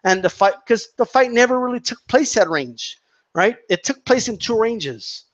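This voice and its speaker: High-pitched guy ranting bout boxing, swears a lot, stumbles over words, kinda muffled audio. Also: moderate pace. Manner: animated, profane, repeats words and stutters. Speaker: boxing commentator. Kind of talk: opinionated casual rant.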